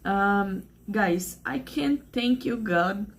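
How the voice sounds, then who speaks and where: A woman's voice: mid-range voice, extremely slow, slight background noise. A Brazilian woman with a Brazilian Portuguese accent, a native Portuguese speaker, talking earnestly and emotionally in rambling English in a casual vlog to camera. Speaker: vlogger.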